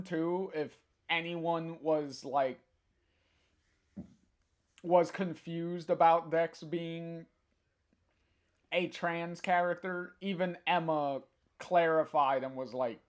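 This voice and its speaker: A young man reads a comic aloud on a livestream, slow and unhurried, with a fairly high voice. He chats between panels, laughing often and trailing off into fillers and restarts. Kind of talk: casual live reading and commentary.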